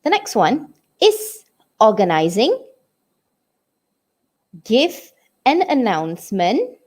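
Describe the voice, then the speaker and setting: In a Malaysian English accent, a woman leads an English lesson in class, repeatedly asking students "okay?" and "did you get it?" Her voice is mid-range with big pitch swings, and she speaks slowly, pausing often.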